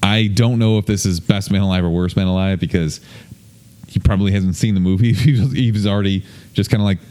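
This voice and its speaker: A man's voice: deep voice, fairly even intonation, fast, dark tone. A man hosting a podcast in loose, rambling casual chat, swearing freely. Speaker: podcast host. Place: indoor room, streamed on video.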